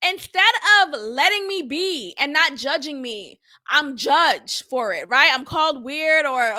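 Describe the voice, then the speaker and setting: Unhurried and high-voiced, a young adult woman hosts an animated, casual recap of a reality show. She acts out quotes along the way and laughs frequently.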